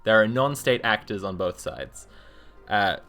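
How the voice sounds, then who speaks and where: A woman's voice: rumbling low, lively intonation, a little slow, a bit bright, soft background music. A woman live-streaming, reading a book aloud and breaking off into sarcastic, rambling commentary. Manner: sarcastic, rambling asides between read passages.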